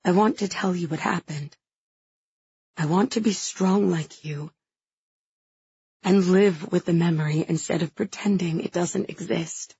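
Woman narrator doing a grieving young woman: hoarse, tearful, halting, with a gravelly edge. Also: lowish voice, dark tone, no room sound, highs cut off, full character voice. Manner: halting, choked with grief. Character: grieving young woman confessing a friend's death.

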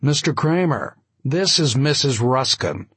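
A man's voice: medium pitch, expressive, measured pace, a bit bright, breathy edge, no echo, voice pushed up. A man voicing a big, pudgy lawyer with a nasal honk. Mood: formal.

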